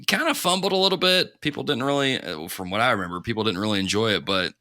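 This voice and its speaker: Upbeat male podcast host, bright tone. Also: mid-range voice, fast, dry recording, studio quality. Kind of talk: casual chat.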